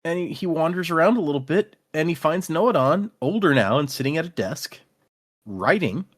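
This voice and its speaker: Male podcast co-host, casual recap voice, very animated delivery. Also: fairly high pitch, normal speed. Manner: lively, animated retelling. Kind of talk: casual chat recapping a book.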